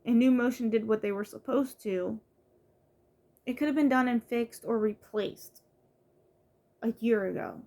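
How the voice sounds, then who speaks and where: A woman's voice: on the high side, measured pace, pauses often, darkish tone. A young woman from the United States venting in a casual vlog, frustrated, with many fillers and restarts. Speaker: vlogger. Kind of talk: casual vlog rant to camera.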